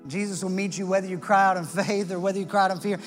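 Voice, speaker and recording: A man preaching a sermon with passion, swinging from loud emphasis to hushed tones. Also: high-pitched, steady tone, quick pace. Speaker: pastor. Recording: long church-hall reverb with faint music.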